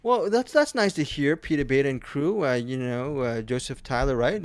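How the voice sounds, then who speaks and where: A man's voice: mid-range voice, moderate pace, few pauses, no echo. A man hosting a casual podcast chat, teasing his co-hosts with playful mock outrage. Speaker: podcast host.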